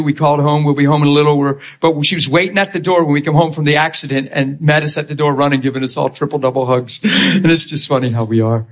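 A man preaching a sermon, telling a personal story in an animated, laughing way and acting out the people in it. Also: a little high. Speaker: pastor. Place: church.

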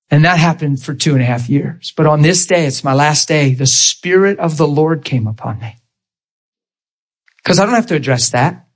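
A man, a pastor, telling a personal testimony in a sermon, animated and leaping into high excited exclamations. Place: church sanctuary.

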